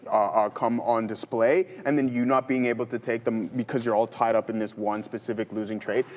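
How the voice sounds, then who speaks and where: A man in his thirties hosting a live trading stream, talking quick and upbeat with sarcastic asides. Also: medium pitch, little pitch movement, darkish tone. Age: 30s. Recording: long hall reverb, faint background noise.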